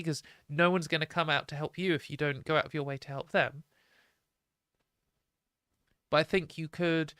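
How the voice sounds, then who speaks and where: Blunt British woman streamer, slightly hoarse. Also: sits low, a bit bright, dry recording, studio quality. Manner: blunt, opinionated, ranting. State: hoarse from a fading voice. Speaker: live stream host. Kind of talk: casual live stream commentary.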